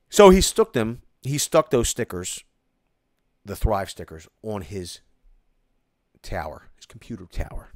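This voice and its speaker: A man hosts a casual live stream, reading viewer comments aloud and riffing on them. His delivery is animated, with lots of rise and fall as he rants. The sound is dry and close, with no room echo. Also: fairly low pitch.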